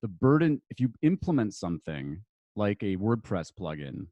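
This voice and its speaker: This is a man with a lowish voice, talking through legal basics as a podcast guest. He is casual and meandering, with plenty of fillers and self-corrections, and the sound is dry and close with no room around it. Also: very animated, moderate pace, dry recording, highs cut off. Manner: loose and conversational, many fillers and restarts. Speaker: podcast guest, attorney and marketer.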